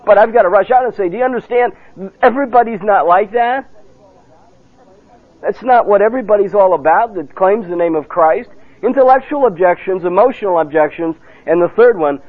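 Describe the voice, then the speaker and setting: A man delivers a sermon through a narrow, tinny radio sound. His voice sits high. He tells a story with lively pacing and acts out the people in it. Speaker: preacher. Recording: tinny phone-like radio broadcast.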